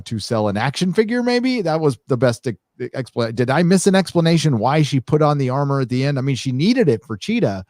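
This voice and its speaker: A man co-hosting a casual podcast, recapping a film in a loose, rambling way with frequent fillers and false starts. His voice sits at an ordinary middle pitch and is recorded dry and close, with no room sound. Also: a little mellow, no room sound. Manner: rambling, many fillers and restarts. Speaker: show co-host. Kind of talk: casual podcast movie review.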